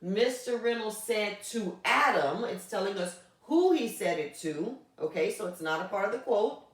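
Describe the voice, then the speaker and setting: A woman teaching a grammar lesson. She is patient, checks in often with a quick question, and spells things out slowly one word at a time. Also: mid-range voice, lively intonation, distant mic. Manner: patient, checks in with frequent "okay?". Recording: echoey room, voice from off mic.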